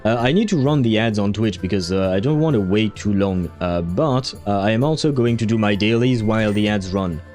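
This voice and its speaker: A man streaming a game chats casually, rambling with lots of filler, laughing often and swearing when frustrated during his gaming commentary. His voice is on the low side and darkish, fairly quick with few pauses, over soft background music.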